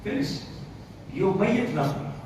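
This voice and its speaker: A man's voice: sits high, animated, slow, a little mellow. A man preaching a sermon in a mosque, putting rhetorical questions to the audience and checking in with them again and again. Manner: rhetorical, keeps asking the audience "right?". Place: mosque hall. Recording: echoey mosque hall, distant mic, faint hiss.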